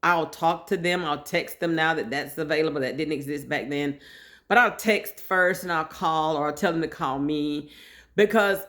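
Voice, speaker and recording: A woman's voice: low-pitched, normal speed. A woman telling her personal story in a casual, chatty way, talking straight to her listeners. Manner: chatty, animated, addresses listeners directly. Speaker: host sharing her health story.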